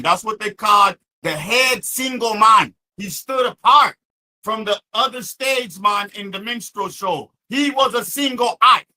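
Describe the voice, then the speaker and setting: A man panelist in a heated live debate, lecturing and shouting with profanity. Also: high-pitched, rough recording.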